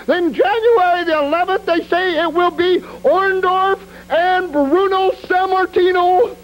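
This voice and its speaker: A man cutting a mocking wrestling promo, taunting his rivals, shouting and laughing as he goes. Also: a little slow, few pauses, rough recording. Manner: laughs and shouts between lines; sudden jumps and drops in pitch.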